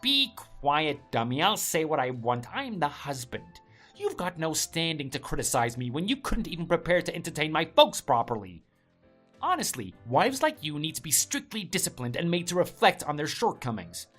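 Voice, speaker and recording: A woman's voice: low-pitched, very animated, normal speed, fairly bright tone, soft background music, heavily acted. A woman voicing an arrogant, contemptuous young husband who sneers and scolds his wife. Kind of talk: story drama voice acting.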